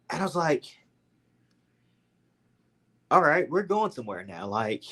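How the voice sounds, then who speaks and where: He's a young man from Louisiana, his medium-pitched voice a bit bright and his accent Southern. Guesting on a podcast, he relates his story casually and with energy, using lots of "like" and "man."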